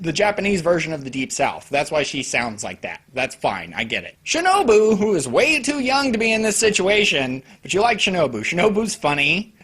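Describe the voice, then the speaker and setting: A young man giving a casual, profane and sarcastic anime review, now and then bursting loud as he mimics characters. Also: fairly high pitch, slightly rough.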